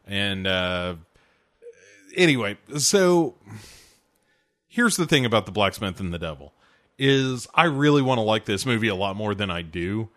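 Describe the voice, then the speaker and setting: A man hosting a casual film review, talking in a rambling, relaxed way with lots of "uh" and "um". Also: lowish voice, moderate pace. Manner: rambling, relaxed, many fillers. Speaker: podcast host reviewing films. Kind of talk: casual chat.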